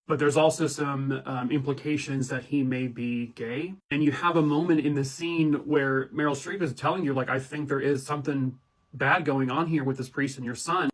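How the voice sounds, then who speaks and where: A man hosting a casual movie and TV review chat, talking in an enthusiastic, conversational way. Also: medium pitch. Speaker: host.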